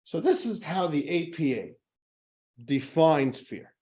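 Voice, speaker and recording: A man's voice: fairly high pitch, animated, takes it slowly, warm tone. Man, rabbi, classroom lecture, conversational, rhetorical questions, jokes.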